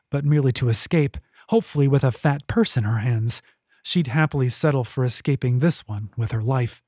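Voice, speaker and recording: A man reading his own fantasy novel aloud in steady, measured audiobook narration. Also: mid-range voice, breathy edge, no room sound, studio quality.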